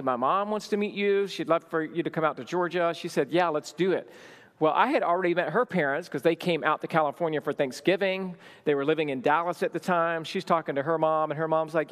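A man's voice: on the high side, in a large hall. A man in his thirties telling a personal story at a marriage teaching session, acting out the dialogue with lots of energy. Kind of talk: storytelling talk.

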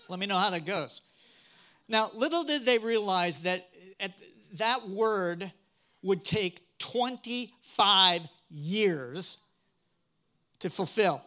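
A male pastor delivers a sermon in a bright, fairly high voice. He mixes humor with his teaching and keeps drawing in the congregation with questions. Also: expressive, a little slow.

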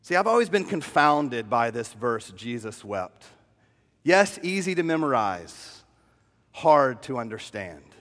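A middle-aged male pastor preaches with a slightly high voice that carries a long reverb through the church sanctuary. He moves between slow, hushed tenderness and lively storytelling. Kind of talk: sermon.

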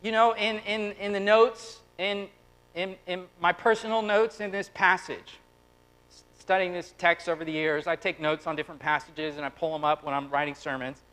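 A man in his thirties preaching a lively, conversational sermon, acting out quotes and turning quiet and tender at personal moments. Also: high-pitched, normal speed, clear, resonant tone, low-quality recording. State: close to tears. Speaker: pastor.

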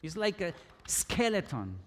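Guy preaching really slow and emphatic, kinda high voice, lots of hall echo. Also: very animated. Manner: slow and emphatic, with bursts of loud shouting. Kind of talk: sermon. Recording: long reverb in a hall.

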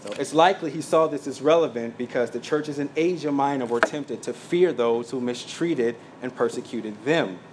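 A man's voice: medium pitch, moderate pace, few pauses, noisy background. Man preaching a teaching sermon. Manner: teaching from notes, many fillers and asides. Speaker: pastor.

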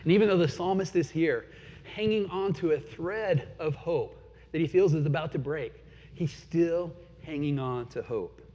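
A man's voice: on the high side, moderate pace, mellow. Pastor in his forties preaching, hall echo. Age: 40s. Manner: earnest, rising and falling in force. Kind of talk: sermon. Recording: dull sound with long hall reverb.

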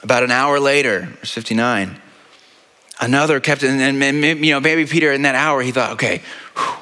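A man's voice: medium pitch, fairly even intonation, moderate pace, bright, forceful tone. A man preaching a sermon as pastor, retelling a scripture story in a conversational way and often asking "right?". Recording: long reverb of a large hall.

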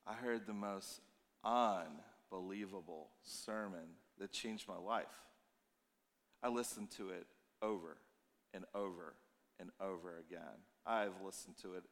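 A man's voice: fairly low pitch, a little slow. A man in his fifties, a pastor preaching a sermon, telling stories in a conversational way and sounding tired. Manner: conversational storytelling, animated and emotional in places. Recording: long reverb of a church hall.

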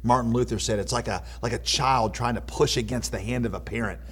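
A man delivers a sermon in an earnest, searching way, sometimes stumbling over repeated words. His voice is husky and somewhat breathy, at an ordinary middle pitch. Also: steady tone, a little fast. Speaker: preacher.

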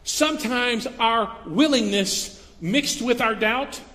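A man's voice: extremely high pitch, takes it slowly, sharp tone. A male pastor preaching a sermon in a church, often stopping to correct himself mid-sentence. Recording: long reverb of a large hall.

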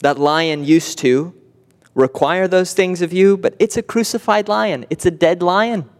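A man's voice: high voice, a little slow. Earnest man preaching in a reverberant hall. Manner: earnest preaching with vivid imagery and rhetorical repetition. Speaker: pastor. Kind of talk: sermon.

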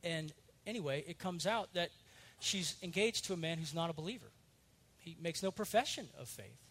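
High-voiced pastor teaching earnestly. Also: male voice, normal speed, breathy edge. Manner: earnest, conversational, with lively asides and self-corrections. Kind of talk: teaching sermon.

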